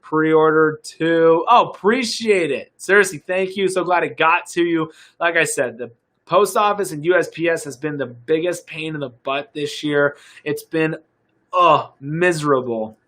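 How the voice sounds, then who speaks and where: A young adult man, a fitness coach from the United States, chatting casually and upbeat on a live stream, rambling with fillers and restarts while pitching a product. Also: unhurried, fairly bright tone.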